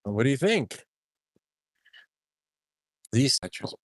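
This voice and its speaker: A man's voice: fairly low pitch, normal speed, no room sound. A man vlogging and telling a rambling story, chuckling as he goes and often trailing off and restarting. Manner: chuckles through his stories, trailing off and restarting.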